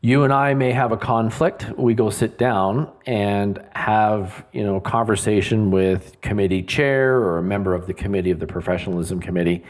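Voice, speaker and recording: A man co-hosting a podcast, measured, steering the talk with questions. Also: on the low side. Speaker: podcast co-host. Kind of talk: podcast discussion.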